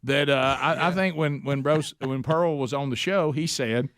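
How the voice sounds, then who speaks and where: A man's voice: mid-range voice, fairly bright tone, no room sound, studio quality. A man hosting a talk radio show, joking with co-hosts and taking calls in a casual way. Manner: joking, quick to laugh, fields calls. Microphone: studio microphone.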